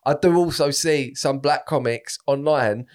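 A man's voice: fairly high pitch, a little slow. A man co-hosting a comedy podcast, ranting animatedly in casual banter and swearing freely.

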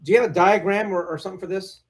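Male podcast host, slightly high voice, encouraging, chimes in with quick agreements. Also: steady tone, crowd noise. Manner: encouraging, quick short affirmations. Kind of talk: casual interview chat.

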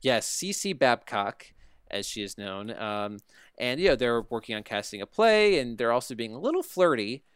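Smooth-voiced man hosting a casual TV recap. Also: medium pitch, very animated, moderate pace, no echo, clean studio sound. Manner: conversational, often seeks agreement with "right?". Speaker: podcast host recapping a TV show. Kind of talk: casual review chat.

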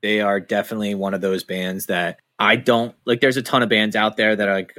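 A man's voice: lowish voice, a little fast, bright, forceful tone, no echo. A man co-hosting a podcast from his home, rambling in casual chat with frequent restarts and casual swearing. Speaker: podcast co-host.

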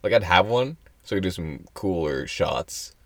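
A man's voice: low-pitched, animated, normal speed, vocal fry, no echo. A young man co-hosting a casual podcast chat, joking and laughing often. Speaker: podcast co-host.

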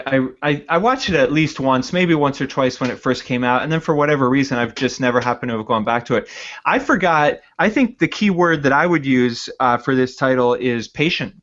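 Male podcast co-host, thoughtful, picks his words slowly. Muffled lo-fi audio. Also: medium pitch, a bit bright. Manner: reflective, searching for words. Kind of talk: casual movie review chat. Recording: dull lo-fi sound.

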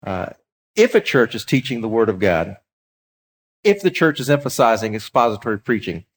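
A middle-aged man speaks as a pastor teaching about ministry. His delivery is earnest and conversational, dotted with fillers and small restarts. His voice sits at an ordinary, middle pitch for a man. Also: sing-song, normal speed. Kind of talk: teaching talk on evangelism.

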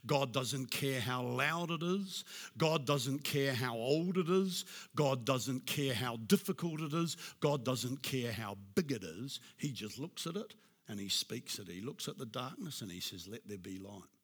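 A pastor preaching a sermon, emphatic, rising to loud declarations and dropping to a soft, hushed prayer. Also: male voice, medium pitch, expressive, a little slow.

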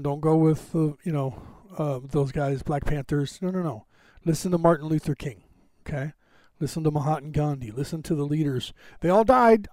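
An American podcast host rambles casually on a live stream, with lots of fillers and restarts. His voice is fairly high yet dark in tone, recorded dry by a camera on a box.

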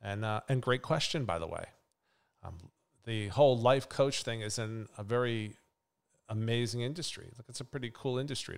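A man's voice: deep voice, gravelly. A man hosting a solo podcast who answers a listener's question and thinks aloud as he talks, with rambling restarts. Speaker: podcast host.

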